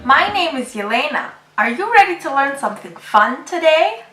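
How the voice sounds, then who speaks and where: A woman teaching a phonics lesson to children, speaking slowly with clear, encouraging enunciation. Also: high-pitched, big pitch swings, roomy sound, far from the mic, music in the background. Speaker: English teacher.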